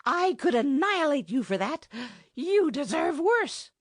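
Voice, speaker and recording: Woman putting on a shrill fairy dame, fussy, excitable, very high and wild. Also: measured pace, no room sound, clean studio sound. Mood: outraged. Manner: shrill, gasping, screaming.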